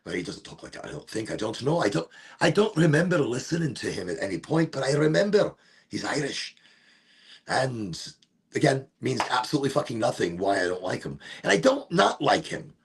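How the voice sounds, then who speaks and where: A man's voice: medium pitch, very animated, fairly quick, gravelly, slightly rough. A man hosting a live stream, rambling and swearing in a laid-back chat. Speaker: livestream host.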